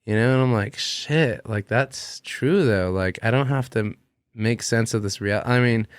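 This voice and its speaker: A young man, a podcast guest, telling a long personal story in casual chat, animated and swearing freely as he acts out what he said. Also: on the low side, a little fast, clean tone, no echo, clean studio sound.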